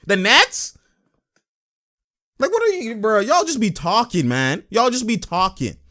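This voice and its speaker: Man vlogger, fired-up sports rant, high voice that swings wildly, lots of "man" and "yo". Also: big pitch swings, a little slow, bright, forceful tone. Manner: heated, emphatic, rhetorical questions, slangy. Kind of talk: casual basketball rant to camera.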